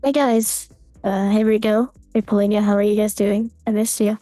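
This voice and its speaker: A man's voice: high-pitched, level tone, moderate pace, mellow, no room sound, soft background music, pitched above the performer's own voice. A man using a voice changer to play a playful, chatty young woman, giving casual podcast football commentary. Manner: jokey, teasing.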